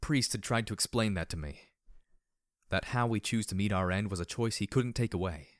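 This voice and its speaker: Low-voiced guy narrating a story, measured and somber, dry close mic. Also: no room sound. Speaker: audiobook reader. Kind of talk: first-person story narration.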